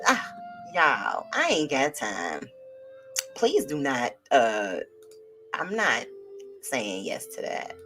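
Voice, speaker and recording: A low-voiced woman hosts a live tarot reading stream from home, chatting loosely and animatedly with viewers. She calls them y'all and child, and faint music plays under her talk. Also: wildly swooping pitch, takes it slowly, long pauses, pushed and bright. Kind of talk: casual live-stream chat.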